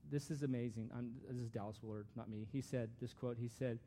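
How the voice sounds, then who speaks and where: A man's voice: medium pitch, steady tone, fast, dark tone, slight background noise. A man giving a conversational, earnest sermon as a pastor, with frequent restarts.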